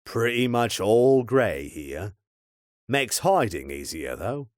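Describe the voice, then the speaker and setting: A man voicing a grumpy, gruff old man who tends a fire, talking in a rough, colloquial way. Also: mid-range voice, very animated, takes it slowly, dry recording, clean studio sound.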